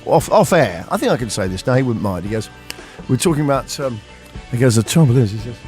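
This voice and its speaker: A man's voice: medium pitch, big pitch swings, fairly quick, darkish tone, faint music behind. A man hosting a radio show, telling rambling anecdotes in casual chat. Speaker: radio host.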